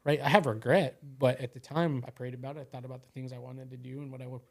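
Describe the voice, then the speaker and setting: A man's voice: medium pitch, steady tone, fast, vocal fry. Rambling man telling a story. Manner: rambling, full of "you know" and "like". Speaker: podcast guest. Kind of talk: casual storytelling.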